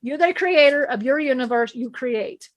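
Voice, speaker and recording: An ancient divine male being delivers a spiritual lesson, as a woman channels him in a high voice. He preaches emphatically, circling back to the same point again and again with restarts. The sound is dry and close. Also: normal speed, no room sound, dull audio, close to an everyday voice. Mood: earnest.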